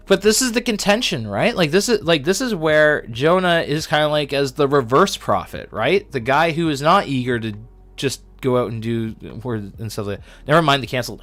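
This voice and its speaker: A man hosting a casual Bible talk on a livestream, animated and full of fillers. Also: fairly high pitch, moderate pace. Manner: animated, filler-heavy, lots of likes. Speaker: livestream host.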